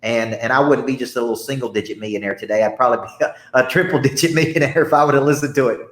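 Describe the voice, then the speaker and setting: A man of ordinary pitch tells stories with emphatic energy, repeating himself and tagging "right?" onto his points. His voice rings in an echoey room. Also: racing, a bit bright. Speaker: business coach, guest. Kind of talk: energetic anecdotal storytelling.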